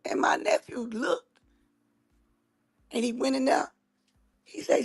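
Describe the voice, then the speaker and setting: A woman's voice: a little high, measured pace, creaky, long pauses, breathy edge. A woman host, telling a story in casual chat, with emphatic, dramatic repetition. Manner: emphatic, dramatic retelling with repeated phrases.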